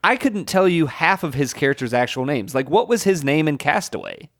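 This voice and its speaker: A man's voice: a little high, wildly swooping pitch, brisk, fairly bright tone, dry recording, clean studio sound. A man co-hosting a film podcast, talking enthusiastically and often restarting his words. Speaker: podcast co-host. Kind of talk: casual film discussion.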